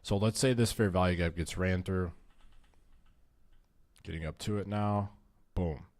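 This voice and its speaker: A man's voice: sits low, unhurried, a little mellow, no echo. A man hosting a casual trading livestream, talking loosely and cursing, stumbling over his words as he walks through charts. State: tired, short on caffeine. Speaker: trading stream host.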